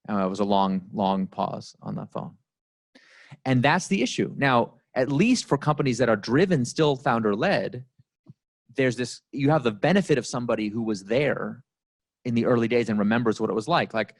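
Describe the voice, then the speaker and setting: A man's voice: medium pitch, expressive, moderate pace, dry recording, studio quality. Chatty man telling stories to a crowd. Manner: casual, chatty, full of "like" and "you know". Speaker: guest speaker. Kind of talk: storytelling talk to a live audience. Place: company office event space.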